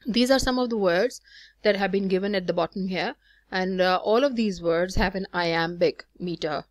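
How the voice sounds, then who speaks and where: Speaking at a moderate pace in a mid-range voice, a woman teaches a lesson on poetic meter, counting through examples step by step with frequent fillers. The studio-quality recording has no room sound.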